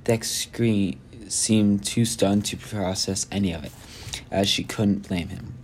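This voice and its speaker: This amateur audiobook reader speaks slowly in a lowish voice with fairly even intonation while reading a novel chapter. He repeatedly stumbles and begins lines again, inserting asides, against slight background noise.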